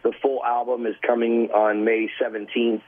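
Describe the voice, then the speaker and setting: A man in his forties calling into a radio show by phone, a relaxed, chatty storyteller. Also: mid-range voice, moderate pace, phone-quality sound. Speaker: celebrity guest calling in. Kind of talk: phone interview.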